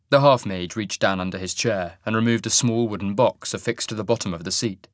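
A man's voice: medium pitch, dry recording, clean studio sound. Man narrating a fantasy audiobook.

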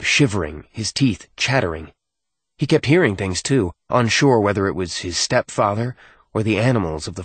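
A man reading a novel aloud as narrator, in a measured and subdued storytelling manner. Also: fairly low pitch, no echo. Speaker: audiobook narrator. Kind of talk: scripted narration.

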